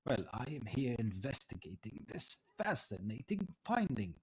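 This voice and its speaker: A man's voice: mid-range voice, big pitch swings, darkish tone, husky, poor audio. A man doing a fussy old tiefling scholar. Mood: eager. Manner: hesitant, halting with ums.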